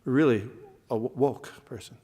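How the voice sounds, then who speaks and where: Male lecturer, mid pitch, teaching a temple class. Explains terms, quizzes the room. Long hall reverb. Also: normal speed, dark tone. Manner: explains terms, quizzes the audience, frequent fillers and restarts.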